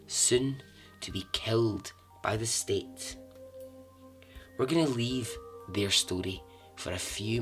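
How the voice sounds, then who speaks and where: A man's voice: fairly low pitch, a bit bright. A man hosting a podcast, telling a true-crime story in a chatty way with asides and the odd swear word. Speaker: podcast host.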